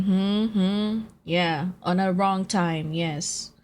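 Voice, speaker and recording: A young woman streamer chatting casually with viewers in a low, groggy voice from just waking up, laughing and swearing easily while she eats. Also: fairly even intonation, extremely slow, a little mellow. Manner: laid-back, laughs often, swears casually, chats with viewers while eating. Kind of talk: casual live-stream chat.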